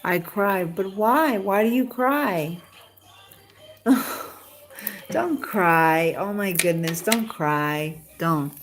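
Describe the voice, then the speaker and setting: A woman's voice: mid-range voice, very slow, long pauses, music in the background. A woman chatting casually on a live stream, talking straight to a viewer and asking the same questions again and again in a rambling, emotional way.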